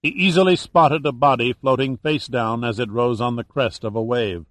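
A man reads an audiobook in a steady, even storytelling voice. His pitch sits in the middle range. The recording is dry and close, with no room sound. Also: moderate pace, no room sound. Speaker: narrator. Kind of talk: audiobook narration.

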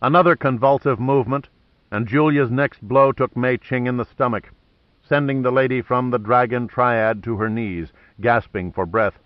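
A man narrates a thriller in measured, dramatic storytelling tones. His voice is mid-pitched and close, recorded in a dry studio with a slightly dull, muffled sound. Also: steady tone, no room sound. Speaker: audiobook narrator.

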